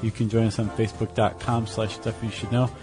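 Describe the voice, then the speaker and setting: A man's voice: fairly low pitch, flat delivery, fairly quick, music in the background. A man co-hosting a podcast, bantering in a friendly, wry way. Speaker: podcast co-host. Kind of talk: casual podcast chat.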